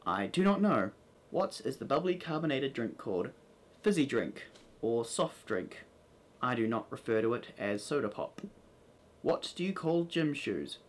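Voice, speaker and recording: A young man with a New Zealand accent, casually reading a word list and answering questions for his video. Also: mid-range voice. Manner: playful, reads word list with drawn-out words. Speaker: vlogger.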